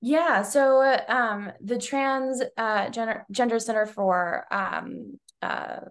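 A woman's voice: fairly high pitch, takes it slowly. A woman in her forties, a nonprofit leader speaking as an interview guest, earnest and full of fillers and restarts. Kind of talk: conversational interview.

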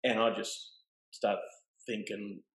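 A middle-aged man, telling a personal story in a relaxed, plain-spoken way. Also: fairly low pitch, slow. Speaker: guest. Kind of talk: casual storytelling. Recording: roomy echo.

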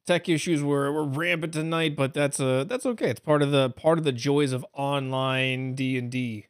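A male host winding up an online game stream in a relaxed, steady way. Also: mid-range voice, moderate pace, clean tone, no room sound, studio quality. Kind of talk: wrapping up a stream.

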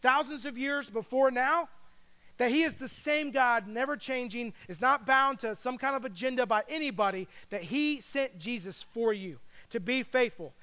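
A middle-aged man delivers a sermon as a pastor, talking to the congregation in a conversational, emphatic way. His voice sits very high and is smooth and clear. He slips into short acted quotes as he preaches. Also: moderate pace, sharp tone.

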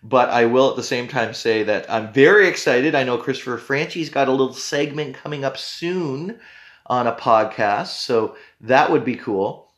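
Rambling, joking podcast host. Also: male voice, medium pitch, normal speed. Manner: rambling, joking, self-deprecating. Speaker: podcast host and tea company owner. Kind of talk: casual podcast chat. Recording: roomy echo.

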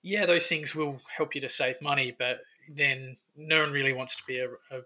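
Male podcast host, very bright voice, chatty, casual interview. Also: medium pitch, fairly even intonation, moderate pace, poor audio.

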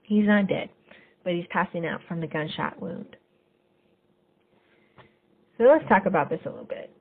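A woman hosting a podcast, casually recapping a TV episode scene by scene and getting lively when she quotes the characters. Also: fairly low pitch, moderate pace, breathy edge. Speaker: podcast host. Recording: phone-like narrow sound.

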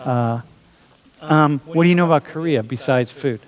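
A man's voice: a little high, moderate pace. A man teaching a college class, talking in a joking, casual way and calling students dude and bro. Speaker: college instructor. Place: lecture classroom.

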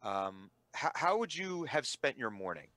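A man narrating a tabletop game as game master, halting and restarting often as he describes the scene. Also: medium pitch, big pitch swings, sharp tone, no room sound. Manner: halting, full of restarts and fillers.

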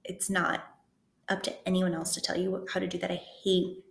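A woman's voice: on the low side, completely flat delivery, moderate pace, vocal fry. Woman co-hosting a podcast, giggly and rambly, lots of "like", echoey public spot. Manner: chatty and giggly, full of "like" fillers. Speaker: podcast co-host. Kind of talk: casual chat. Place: public venue.

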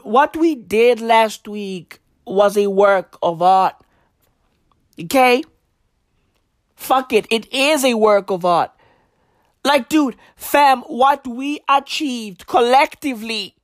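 A man from South Africa doing a satirical comedy monologue in heavy slang, ironic, building to loud outbursts. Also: high-pitched, no echo, clean studio sound.

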